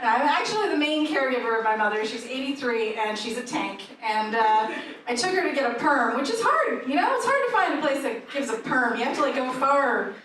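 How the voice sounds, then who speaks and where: High-voiced woman doing deadpan stand-up. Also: a little fast. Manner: deadpan, dry delivery of dark jokes. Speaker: stand-up comedian. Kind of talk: stand-up comedy set. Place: comedy club stage. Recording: echoey club audio from far off, audience noise.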